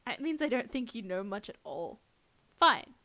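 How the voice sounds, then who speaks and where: Casting: woman voicing a cocky, teasing young man cursed into a cat, game dialogue, raised pitch. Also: very animated, moderate pace, bright, forceful tone, exaggerated voice. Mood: smug teasing. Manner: teasing, self-satisfied.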